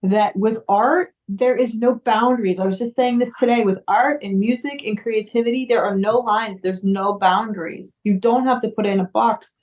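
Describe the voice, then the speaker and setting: A woman's voice: fairly high pitch, normal speed, few pauses, a little mellow. A woman from the United States, a singer-songwriter, chatting casually as an interview guest, full of fillers and restarts. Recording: dull lo-fi sound.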